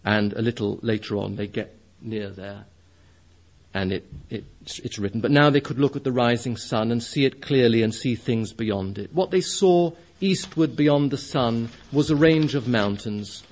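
A man preaching, reading a children's story aloud with expressive, measured storytelling. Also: mid-range voice.

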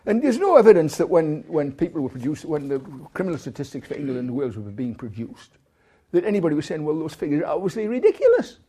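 A man's voice: a little high, sing-song, quick pace, mellow, slightly rough. A man giving a rambling university lecture, full of restarts, stumbles and asides.

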